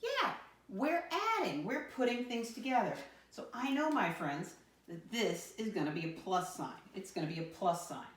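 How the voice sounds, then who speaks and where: A first grade teacher with an expressive, mid-range voice teaches a math lesson to young children at normal speed, using a sing-song teacher voice, counting aloud and calling them "my friends." The sound is roomy, picked up by a distant mic.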